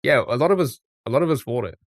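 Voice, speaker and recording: A man streaming a music quiz live and chatting easily with his viewers. He sits in the middle for pitch and sounds dry and close, with no room around him. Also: expressive, fast, dry recording. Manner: chatty, reacts to chat. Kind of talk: casual live-stream chat.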